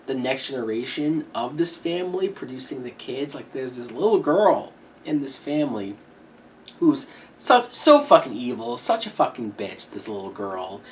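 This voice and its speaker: A young adult man giving a casual movie review on his video channel, animated and swearing freely, with frequent fillers and restarts. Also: medium pitch, moderate pace, far from the mic, slight background noise.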